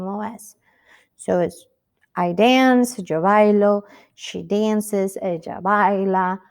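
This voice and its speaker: A woman's voice: medium pitch, vocal fry, a little mellow. A woman teaching a Spanish lesson, speaking patiently and asking the listener rhetorical questions. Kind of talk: recorded classroom lesson.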